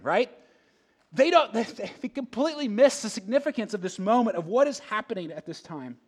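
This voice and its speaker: A man preaching a conversational sermon, asking the room rhetorical questions and swinging between loud emphasis and hushed asides. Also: extremely high pitch, expressive, quick pace. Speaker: pastor.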